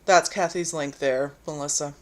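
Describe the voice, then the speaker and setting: A woman's voice: low voice, steady tone, normal speed. Chatty woman hosting a sewing stream. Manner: chatty and easily distracted, laughing at herself; reads viewer comments aloud. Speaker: quilting livestream host. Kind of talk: casual chat while hand-sewing.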